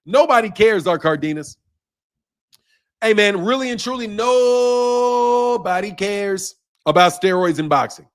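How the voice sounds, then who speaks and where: A man's voice: sits high, expressive, a little slow. A man hosting a boxing live stream, answering viewers' comments in a blunt, combative, profane way and laughing often. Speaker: boxing channel host.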